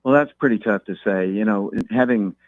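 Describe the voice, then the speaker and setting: A man calling in as a guest, talking football in a measured way and repeating words as he thinks. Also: on the low side, no room sound. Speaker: guest talking local high school football. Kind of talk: phone-in interview. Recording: tinny phone line.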